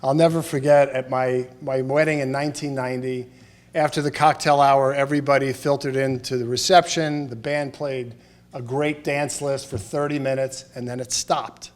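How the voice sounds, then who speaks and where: A man's voice: mid-range voice, little pitch movement, moderate pace. Middle-aged man telling fond eulogy stories. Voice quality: warm storytelling, chuckles through stories. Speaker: son giving a eulogy. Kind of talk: eulogy with humorous anecdotes. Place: funeral chapel.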